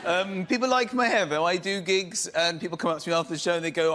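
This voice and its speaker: A man's voice: high-pitched, fast, hardly any pauses. A man comedian doing observational stand-up with a musing delivery. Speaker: comedian panelist. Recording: loud audience and heavy noise.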